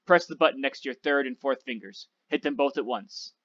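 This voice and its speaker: A man reading the part of a gruff, sarcastic older flight instructor, in a clipped, commanding way, on a dull, dry recording. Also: mid-range voice, fairly quick, a bit bright, no echo, close to an everyday voice. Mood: instructing.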